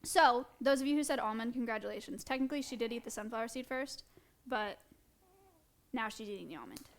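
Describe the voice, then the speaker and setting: High-voiced woman casually streaming. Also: brisk. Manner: chatty, addresses her chat directly, light laughs. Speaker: streamer hosting an animal segment. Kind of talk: casual live-stream chat. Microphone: wearing headphones at a streaming setup.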